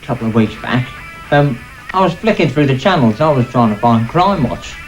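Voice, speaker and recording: A man's voice: mid-range voice, animated, a little fast, soft background music, close to an everyday voice, rough recording. An actor playing a grumbling, matter-of-fact man, telling a story in a sketch comedy monologue.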